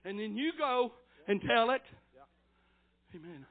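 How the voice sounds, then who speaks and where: High-voiced older preacher, tinny recording. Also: male voice, animated, unhurried, long pauses. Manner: fervent preaching cadence, peppered with amens, swelling to shouts. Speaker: pastor. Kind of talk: sermon. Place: church service.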